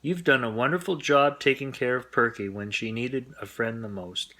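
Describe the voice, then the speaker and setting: A man's voice: mid-range voice, normal speed, sharp tone. A man voicing a fussy, doting lady dog owner who gushes over her pet in a storybook read-aloud. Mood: grateful. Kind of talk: storybook character voice.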